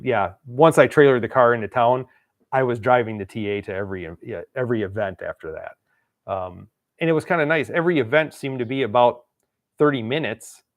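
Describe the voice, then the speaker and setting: A Wisconsin channel host with a mid-range voice tells a long casual story in a dry recording. He rambles, laughs frequently, and acts out the quotes he relates.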